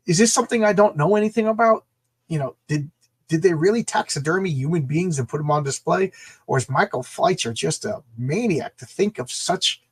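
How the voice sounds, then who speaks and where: A man co-hosting a comic book show, chatting excitably about a comic with many stammered restarts. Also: a little high, a little fast, slightly rough. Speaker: comic book podcast co-host. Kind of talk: casual comic review chat.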